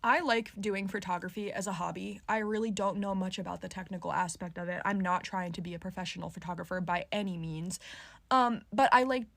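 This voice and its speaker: A woman's voice: medium pitch, dry recording. A woman in her twenties telling a story in a casual, exasperated, venting way. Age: 20s. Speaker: college student storyteller.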